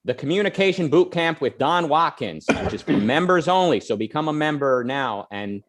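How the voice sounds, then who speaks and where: A man hosting a casual online panel show, talking in a lively way with plenty of fillers. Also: a little high, moderate pace. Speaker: show host.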